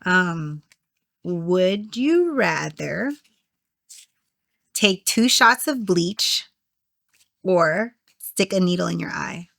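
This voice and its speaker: A woman's voice: lowish voice, expressive, extremely slow, creaky, long pauses, a bit bright, no echo. Giggly young woman hosting, dry mic. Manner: giggly, teasing, laughs often. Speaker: podcast host. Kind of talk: casual podcast chat.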